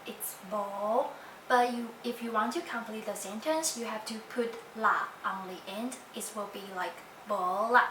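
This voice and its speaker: A woman giving careful, clear example pronunciations and short explanations for a language lesson. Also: on the high side, normal speed, few pauses, fairly bright tone, roomy sound, recorded from a distance, a little hiss or hum, rough recording. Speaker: native speaker demonstrating pronunciation. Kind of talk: pronunciation demonstration.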